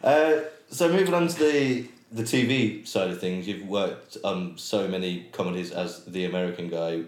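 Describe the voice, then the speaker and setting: A man hosting an interview with a guest, relaxed and joking as he moves on to his next question. His voice is very low. He sounds a little off the mic, in an echoey room. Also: moderate pace.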